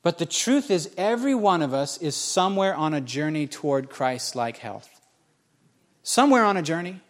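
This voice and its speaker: A male pastor delivers a sermon in a storytelling way, poking fun at himself and hammering home key words through repetition. His voice sits a little on the higher side for a man. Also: sing-song, moderate pace. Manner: storytelling, self-mocking humor, emphatic repetition.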